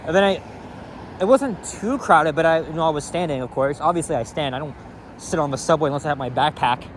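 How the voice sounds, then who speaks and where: A man's voice: a little high, fast, slight background noise. A man walking outdoors and ranting angrily with lots of swearing, rambling as he talks to the camera. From Canada. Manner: angry, profane, rambling rant. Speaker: walking vlogger. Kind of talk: casual ranting walk-and-talk. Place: city street outdoors near traffic.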